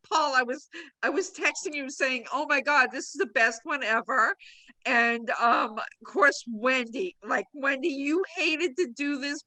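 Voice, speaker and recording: A woman who directs a career program, giving halting, choked-up closing thanks on a video call, rambling with restarts. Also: high-pitched, pushed and bright, low-quality recording.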